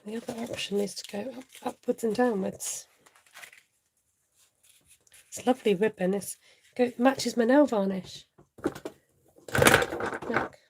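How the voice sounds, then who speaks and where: A woman's voice: a little high, fairly even intonation, measured pace, pauses often, heavy background noise. A woman hosting a casual live craft tutorial, thinking aloud as she works and chatting to viewers.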